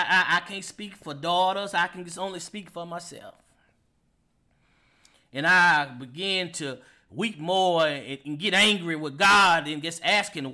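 A man in his forties telling a personal testimony as a podcast host, emotional and halting, often repeating words as he speaks. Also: sits high, bright, forceful tone. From Kentucky. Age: 40s.

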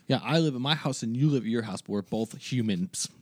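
A man's voice: mid-range voice, lively intonation, a little fast, darkish tone, dry recording. A married man co-hosting a podcast, chatting casually about movies in an easygoing, self-deprecating way. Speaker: podcast co-host. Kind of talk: casual movie review chat.

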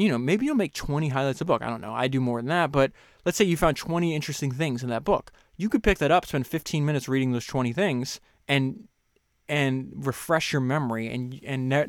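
A man talks through a book in a relaxed, conversational way, stumbling and restarting as he goes. When he reads quoted passages he slows down and leans into them. His voice sits at an ordinary middle pitch and sounds close and dry, with no room around it. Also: no echo. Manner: reads quotes slower and louder, chats loosely with fillers and restarts. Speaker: podcast host. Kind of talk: casual book commentary with read-aloud passages.

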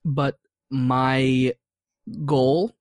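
A man's voice: mid-range voice, fairly even intonation, drawn-out words, dry recording. A man chats casually on a podcast, loose and easygoing, dropping "like" often and laughing between thoughts. His voice sits in a middle register. The sound is dry and close. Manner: chatty, laughs often, many "like" fillers. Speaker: game designer guest.

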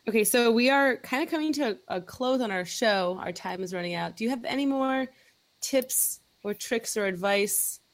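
A woman's voice: on the high side, animated, normal speed. A woman hosting a podcast, chatting in an upbeat way and summing up tips. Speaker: podcast host. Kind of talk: casual podcast chat.

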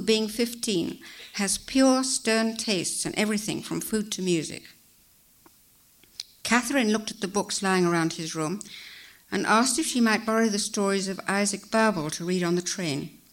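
A woman reading a story aloud as narrator, in a measured, expressive way. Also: mid-range voice.

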